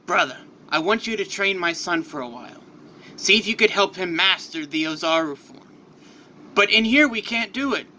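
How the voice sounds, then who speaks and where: A man voicing a male warrior torn between his gentle self and a darker side, strained and pleading. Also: high voice, animated, normal speed, slight background noise, heavily acted. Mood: earnest.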